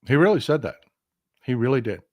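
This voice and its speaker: Older guy doing a political commentary livestream, fired up, keeps repeating lines, reads comments out loud. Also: medium pitch, lively intonation, a little fast. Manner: impassioned, emphatic, repeats phrases; reads viewer comments aloud. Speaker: livestream host.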